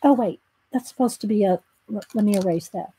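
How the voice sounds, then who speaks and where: A woman's voice: mid-range voice, fairly quick, dark tone, husky, no echo. A woman chats casually while she draws, rambling through a story with lots of ums and restarts. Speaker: art tutorial host. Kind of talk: casual chat while drawing.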